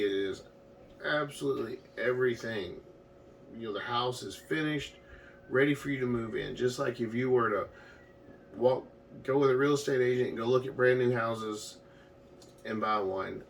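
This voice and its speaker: Gravelly low-voiced builder, casual. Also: male voice, fairly bright tone. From Florida. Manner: plain-spoken, conversational, uses fillers. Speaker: home builder. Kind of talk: casual explanatory talk. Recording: distant mic with faint noise.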